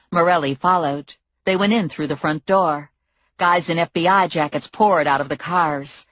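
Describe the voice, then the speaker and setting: A woman narrating a first-person audiobook in a brisk, wry storytelling manner. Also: low voice, dry recording, lo-fi sound.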